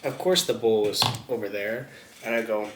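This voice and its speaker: A man's voice: on the low side, moderate pace, background noise. Man, mukbang vlogger, casual storytelling, laughs a lot, swears, echoey room. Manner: laughs often, swears freely, rambling retelling. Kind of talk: casual storytelling while eating.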